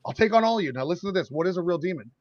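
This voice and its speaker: A middle-aged man co-hosting a podcast, talking casually in animated bursts and going on a passionate rant. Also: high-pitched, dry recording. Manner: animated, ranting, quick bursts. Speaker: podcast co-host. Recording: dry, slightly dull audio.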